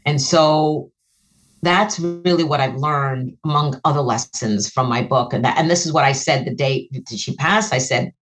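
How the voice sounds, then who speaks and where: A middle-aged woman, a guest and author, earnestly telling an emotional personal story, her voice jumping high when she relives moments. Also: normal speed.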